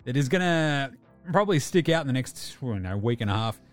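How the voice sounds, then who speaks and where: A man's voice: mid-range voice, expressive, faint music behind. A man with an Australian accent hosting a sports podcast in a jokey, chatty way. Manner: jokey, fast and chatty with fillers. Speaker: podcast host. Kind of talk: casual sports podcast chat.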